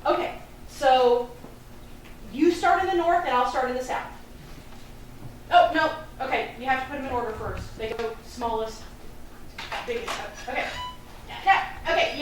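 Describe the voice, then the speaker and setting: A woman's voice: high-pitched, moderate pace. A woman performing a live solo theatre monologue in a chatty, confiding way, laughing at her own stories. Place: theatre stage before an audience. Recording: roomy, distant stage recording with faint noise.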